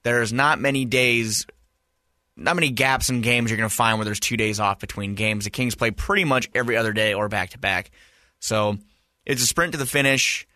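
A man's voice: medium pitch, normal speed, sharp tone, no room sound. A man co-hosting a casual sports podcast in a radio studio, chatty and explaining things at length. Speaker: podcast co-host.

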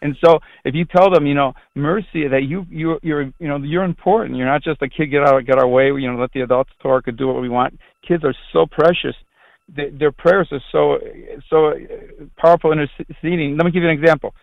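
Middle-aged priest, earnest and rambling, a bit high-voiced, on a dry phone line. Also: male voice, fairly even intonation, brisk, gravelly, dry recording. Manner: rambling, earnest, with frequent restarts. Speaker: Catholic priest. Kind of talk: conversational interview answers.

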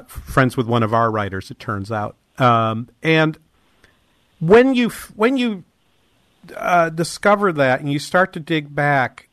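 A male radio host asks his questions hesitantly, with a lot of ums and uhs. His voice sits at an ordinary pitch. It is recorded close and dry, with no room sound. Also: fairly bright tone, dry recording. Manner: hesitant, many fillers. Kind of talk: radio interview.

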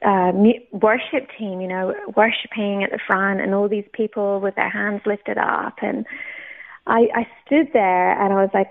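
A woman from the United Kingdom, a guest telling her personal faith story in an animated way and acting out her past thoughts. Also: mid-range voice, measured pace. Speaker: interview guest. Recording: narrow phone-like radio sound.

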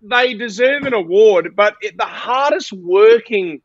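A man with an Australian accent, a guest on a podcast, chatting excitedly and laughing easily. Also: sits high, unhurried, dry recording, highs cut off. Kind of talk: casual chat.

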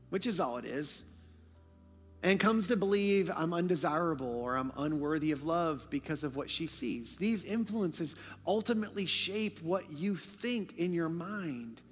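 A male pastor delivering a sermon, moving between hushed, low passages and loud, emphatic preaching. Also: in a large hall.

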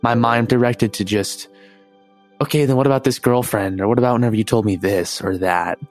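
A young man tells his side of the story in a relaxed, conversational way that turns thoughtful. His voice sits at an average pitch. Soft music plays faintly behind him. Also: brisk. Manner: casual, conversational, reflective. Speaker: interviewee, the storyteller's brother. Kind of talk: personal storytelling interview.

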